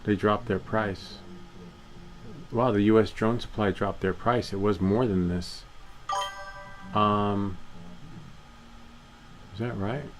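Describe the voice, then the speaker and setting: A man with a fairly low voice talks viewers through a tech fix in a loose, chatty way, wandering off on asides as he clicks around. A steady air-conditioning hum and room noise sit under his voice. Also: slow pace, long pauses. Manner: rambling, chatty, laughs at his own stories. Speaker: tech video host. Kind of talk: casual screen-share walkthrough.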